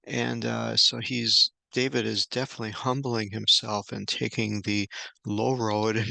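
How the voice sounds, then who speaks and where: A man giving an unscripted Bible study lesson indoors, halting often with fillers and restarts. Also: fairly low pitch, level tone, creaky, pushed and bright, dry recording. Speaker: Bible teacher.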